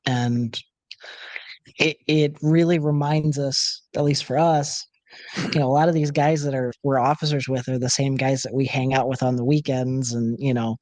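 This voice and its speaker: A man in his thirties hosting a casual podcast chat, easygoing and quick with jokes. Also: mid-range voice, steady tone, darkish tone, no echo.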